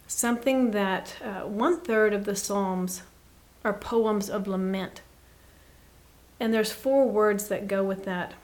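A woman guest giving an earnest, reflective faith talk, often dropping to a soft hush. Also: medium pitch, takes it slowly. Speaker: podcast guest.

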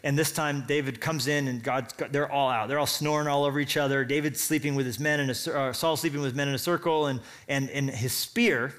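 A man preaching a sermon, telling a story with casual asides and acting out what each character says. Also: mid-range voice. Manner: animated storytelling, acts out characters' lines. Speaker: pastor.

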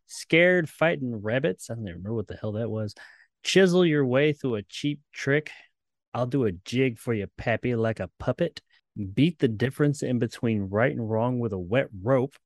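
A man's voice: mid-range voice, animated, normal speed, no echo, clean studio sound. A man co-hosting a podcast, reading a long list with playful, mock-dramatic relish and chatting casually. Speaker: co-host.

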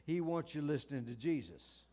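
A man's voice: a little high, sing-song, warm tone. A man preaching a sermon, stressing words and calling out praise as he goes. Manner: emphatic preaching with exclamations of praise; drawn-out stressed words and repeated restarts.

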